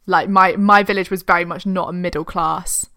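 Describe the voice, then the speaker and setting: A woman's voice: lowish voice, steady tone, moderate pace, bright, forceful tone, dry recording, clean studio sound. A young woman with a posh southern English accent, co-hosting a podcast in casual chat and talking in an agreeable, reflective way. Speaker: podcast co-host.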